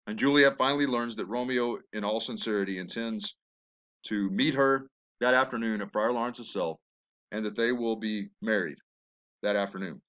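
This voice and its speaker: A man's voice: fairly low pitch, moderate pace, fairly bright tone. A man teaching a lesson on a play, talking in a conversational way with asides and fillers. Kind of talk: recorded lecture.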